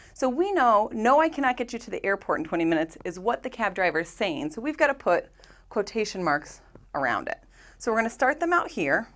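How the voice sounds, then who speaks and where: A woman with a slightly low voice teaches a grammar lesson. Her pitch moves a lot as she patiently walks through examples step by step and poses rhetorical questions to her students. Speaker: English teacher.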